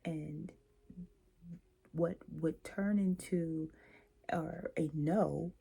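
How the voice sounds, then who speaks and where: A woman's voice: sits low, steady tone, drawn-out words, creaky, slightly rough. A woman hosting a self-help talk, coaching listeners and acting out little example exchanges. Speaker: host and coach. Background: quiet, late at night.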